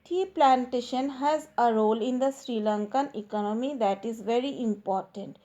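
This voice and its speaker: A woman teacher giving a grammar lesson, speaking deliberately and stressing the key words as if dictating to students. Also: fairly high pitch, mellow, lo-fi sound.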